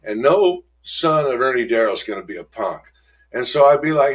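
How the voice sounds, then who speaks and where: A middle-aged man candidly telling his life story in an interview, rough-spoken, acting out old arguments in raised voices. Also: medium pitch, animated, moderate pace.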